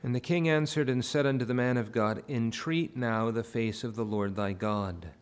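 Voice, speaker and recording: A man's voice: mid-range voice, moderate pace, clean tone. A male pastor preaching a sermon in a church. He works verse by verse through a Bible passage and rises to impassioned pleading. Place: church sanctuary.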